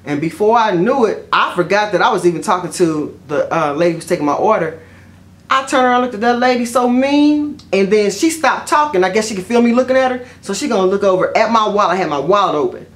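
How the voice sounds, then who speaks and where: A middle-aged woman, telling stories to camera in a chatty, expressive way and often saying "y'all.". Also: medium pitch, fast. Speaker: vlogger. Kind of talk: casual storytelling to camera.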